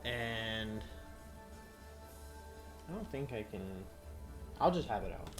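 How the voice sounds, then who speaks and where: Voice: medium pitch, animated, takes it slowly, music in the background. Hesitant player asking rules questions. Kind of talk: casual tabletop play.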